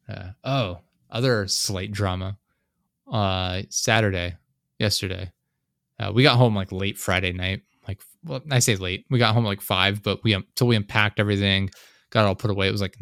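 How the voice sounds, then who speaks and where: A man with a lowish, slightly bright voice tells a story in casual chat, venting and swearing freely as a profane, ranting storyteller. His intonation is fairly even and his pace moderate. The recording is dry and close, with no room sound or echo.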